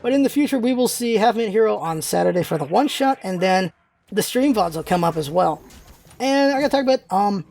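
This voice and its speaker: A man's voice: high voice, animated, brisk, creaky, a little mellow, faint music behind. A man hosting a casual vlog, rambling loosely with many fillers and restarts. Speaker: vlog host. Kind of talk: casual chat.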